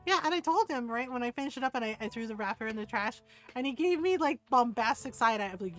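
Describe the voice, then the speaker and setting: A woman's voice: fairly high pitch, animated, fast talker, fairly bright tone, faint music behind. A woman streamer chatting casually while gaming, laughing often and swearing lightly.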